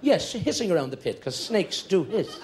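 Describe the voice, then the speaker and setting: A man's voice: sits high, big pitch swings, normal speed, a little mellow, some chatter behind, slight background noise. A middle-aged Irish man telling long comic stories on stage in a chatty, conspiratorial way, building jokes through repetition. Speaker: stand-up comedian. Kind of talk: live stand-up storytelling.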